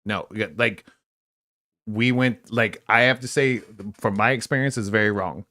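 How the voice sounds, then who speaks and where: A middle-aged man from California co-hosts a casual live podcast in a fairly low voice. He rambles, debates and drops into mock voices. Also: normal speed, bright, forceful tone. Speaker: podcast co-host.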